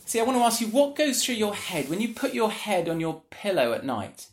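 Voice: medium pitch, big pitch swings, fairly quick. A preacher giving an earnest, conversational sermon that is full of questions put to the listeners. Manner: earnest, conversational, asks the audience rhetorical questions.

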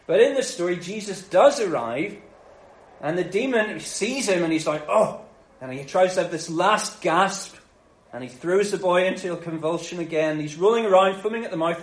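A man preaching, retelling a story in a casual, jokey way. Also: high voice. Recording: echoey room.

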